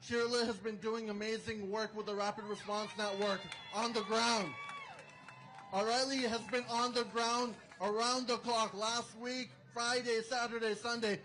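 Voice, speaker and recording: A man's voice: extremely high pitch, flat delivery, normal speed, music in the background, rough recording. A man emceeing an outdoor protest rally, fervently rallying the crowd between speakers.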